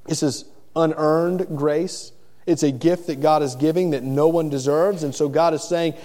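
A man's voice: a little high, fairly even intonation, a little slow, mellow. A middle-aged man preaching a sermon in an earnest way, often repeating the first word of a phrase before going on. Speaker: pastor. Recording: long reverb of a large hall.

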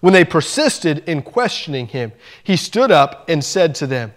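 High-voiced male preacher telling a story. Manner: storytelling, animated, slows down for emphasis. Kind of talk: sermon.

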